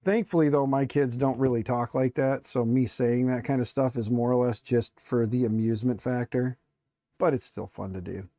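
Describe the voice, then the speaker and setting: Tinkering on a live stream, a middle-aged streamer putting together a 3D printer jokes, mocks himself and rambles while muttering as he works. He speaks at a moderate pace in a steady, mellow, medium-pitched voice with no echo.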